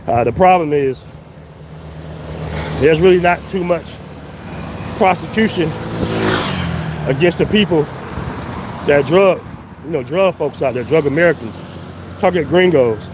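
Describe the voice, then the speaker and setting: A man live-streaming a casual vlog while walking uphill outdoors, out of breath and huffing as he talks. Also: on the high side. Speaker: travel vlogger. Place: outdoors on city streets. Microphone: phone mic, no headphones. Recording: wind and street noise. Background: traffic and street ambience.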